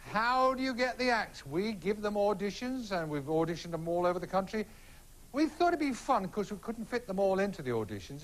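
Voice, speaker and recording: A man's voice: sits high, low-quality recording. A man hosting a TV game show in a studio, breezy and jokey as he announces scores and acts. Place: TV studio with audience. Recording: studio with audience and noise.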